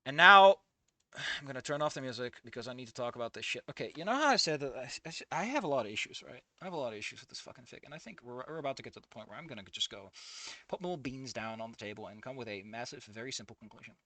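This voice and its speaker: Exasperated swearing man with a bright voice. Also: medium pitch, lively intonation, racing, no room sound. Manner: profane, exasperated, swearing often. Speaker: fanfiction reviewer. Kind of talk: ranting commentary while reading a fanfic.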